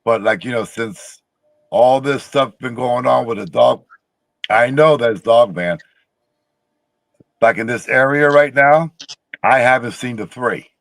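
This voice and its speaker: A man's voice: mid-range voice, animated, unhurried, long pauses, no echo. A man from Tennessee, a guest researcher on a casual podcast, telling stories in a plainspoken, rambling way.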